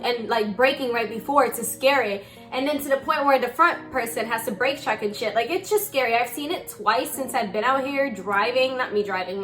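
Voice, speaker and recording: A woman in her twenties telling a story in casual chat, animated and rambling, with a lot of swearing. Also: high voice. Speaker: vlogger.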